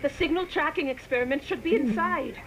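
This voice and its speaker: An actress playing an urgent, alarmed survivor in a video game, speaking with breathless urgency. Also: female voice, sits high, fairly quick, over music, natural voice. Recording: game audio with clear background noise.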